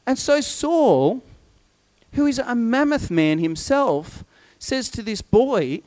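A man preaches in an animated, storytelling way and slips into voices for the people in his tale. His voice sits a little high for a man. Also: slow pace, long pauses. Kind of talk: sermon.

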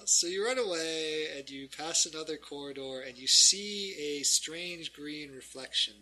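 A man's voice: fairly high pitch, measured pace, sharp tone. A man narrating a tabletop game as game master, often laughing as he goes.

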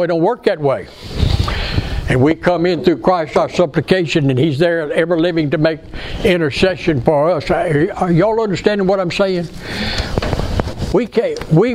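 A man's voice: on the high side, a little mellow. Folksy preacher man. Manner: folksy, earnest, asks congregation call-and-response questions. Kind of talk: sermon. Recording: faint background noise.

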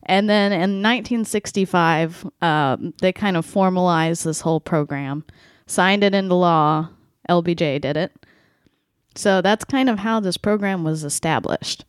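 A woman co-hosting a podcast, explaining history step by step in a casual, clear and playful way. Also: lowish voice, a little slow, no echo. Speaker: podcast co-host.

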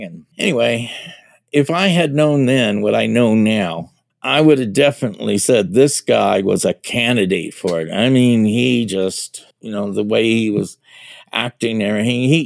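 Older guy rambling through old service stories, gravelly voice, dry close sound, lots of uh and you know. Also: mid-range voice, dry recording. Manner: rambling storyteller, frequent fillers and restarts. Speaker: veteran telling his life story. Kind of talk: casual spoken memoir.

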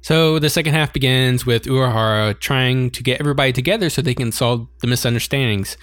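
A man in a casual co-hosted chat, retelling an anime episode with lively delivery and frequent laughter. His voice sits at an ordinary middle pitch. The sound is dry and close, with almost no room around it. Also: fast, dry recording. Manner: animated, laughs often while recounting scenes. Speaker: podcast co-host.

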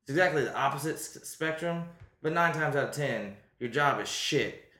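A man's voice: on the high side, lively intonation, moderate pace, bright, forceful tone, roomy sound. A man co-hosting a podcast, chatting casually with friends in a crude, joking, rambling way. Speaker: podcast co-host. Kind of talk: casual chat among friends.

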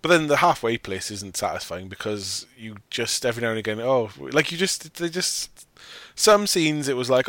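A man's voice: medium pitch, lively intonation, normal speed, hardly any pauses, a bit bright, no echo. A man hosting a casual film discussion, rambling and often correcting himself as he argues his opinions. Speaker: podcast host.

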